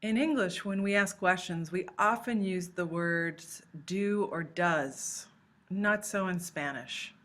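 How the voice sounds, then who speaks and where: A woman teaching a recorded language lesson, explaining patiently step by step and slowing down to model example phrases. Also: lowish voice, a little hiss or hum. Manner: slows down to model Spanish phrases. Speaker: Spanish teacher.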